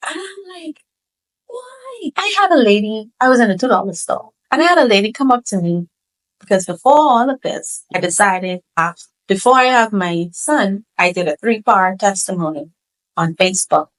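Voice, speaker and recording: A woman's voice: mid-range voice, lively intonation, moderate pace, rough recording. A young woman gives an earnest, preacherly testimony as a podcast guest, repeating phrases for emphasis. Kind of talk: emotional testimony.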